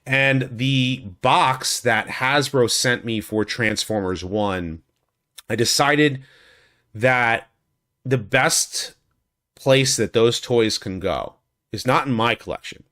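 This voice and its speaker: Slow-paced, with a pushed and bright voice, a man records a casual convention recap for YouTube on a USB condenser studio mic. He wanders through it with many restarts and "likes," pitching way up whenever he acts out a quote.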